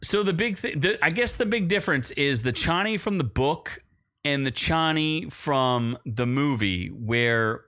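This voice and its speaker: A man's voice: a little high, measured pace. A young man co-hosting a podcast, chatting casually about a film, rambling and cutting himself off mid-sentence. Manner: rambling, self-interrupting, animated when excited. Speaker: podcast co-host. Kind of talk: casual movie review chat.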